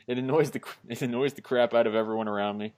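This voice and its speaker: A man introducing a comic on a casual podcast. He rambles and apologizes for fumbling names. His voice sits at an average pitch for a man. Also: fast, a bit bright. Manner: rambling, apologetic, many fillers. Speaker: comic review podcast co-host.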